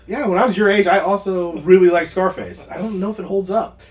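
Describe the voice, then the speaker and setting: A man co-hosting a podcast, chatting casually about movies, rambling with quick asides and frequent laughs. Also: high voice. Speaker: podcast co-host.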